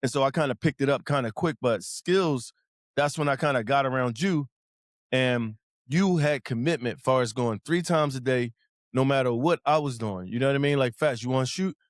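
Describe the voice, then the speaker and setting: A man's voice: mid-range voice, moderate pace, dry recording, clean studio sound. Rambling, chuckling podcast host man. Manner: rambling, repeats words, chuckles often. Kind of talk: casual podcast chat.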